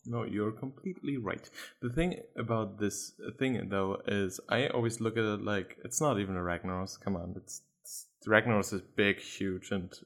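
A man with a somewhat low voice chats about a game in a relaxed, joking way. He laughs as he talks and throws questions to his co-host. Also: moderate pace. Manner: laid-back, joking, laughs while talking. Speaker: podcast co-host. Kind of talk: casual gaming chat.

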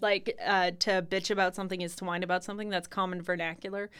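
A woman's voice: on the low side, little pitch movement, fast talker, a bit bright, smooth. A young woman co-hosting a casual podcast, laughing often and reading definitions aloud with a wry tone. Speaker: podcast co-host.

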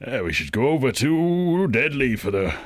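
A man doing an impression of an older male radio presenter, soft and unhurried. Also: medium pitch, sing-song, dry recording, clean studio sound, pitched above the performer's own voice, lightly acted. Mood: genial.

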